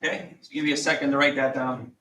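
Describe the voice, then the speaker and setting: A middle-aged man teaching a high school math class, casual and self-correcting, often asking the class questions. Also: level tone, quick pace, noisy background. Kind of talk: classroom lecture.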